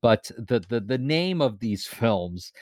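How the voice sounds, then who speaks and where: A man with a mid-range voice, recorded close in a dry room. He speaks haltingly, repeating words as he works through his thoughts, like a podcast co-host moving the talk along. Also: medium pitch, very animated, a little mellow, no echo. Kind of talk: casual chat.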